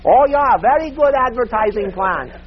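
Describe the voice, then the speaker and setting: A man's voice: extremely high pitch, expressive, normal speed, pitched above the performer's own voice. A man voicing an overeager woman salesperson who speaks in exaggerated broken English. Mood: eager. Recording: dull lo-fi tape with faint hiss.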